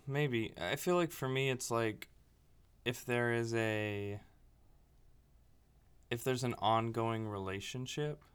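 A man's voice: medium pitch, clear, resonant tone. A man co-hosting a podcast, chatting casually and rambling, often acting out what other people said. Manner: rambling, chatty, quoting people in little acted voices. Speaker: podcast co-host. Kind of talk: casual chat.

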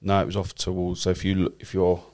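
A man talks in a loose, rambling way and swears often. His voice sits low. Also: completely flat delivery, fast, darkish tone. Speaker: cab driver, podcast guest. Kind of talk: casual chat.

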